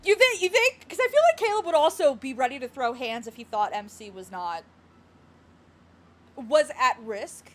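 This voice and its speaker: Chatting casually on a live stream from home, a woman speaks in a high, fairly bright voice with lively intonation at normal speed. She rambles, giggles a lot, and addresses her chat along the way.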